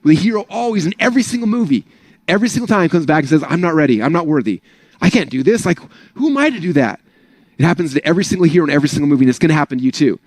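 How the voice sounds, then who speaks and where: A man talks quickly and loosely, a little higher than most men, in a motivational pep talk peppered with "like" and "right?". The sound is close and dry, with no room around it. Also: animated, a little mellow, no echo. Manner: casual, rambling, full of "like" and "right?". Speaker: speaker at an online business training.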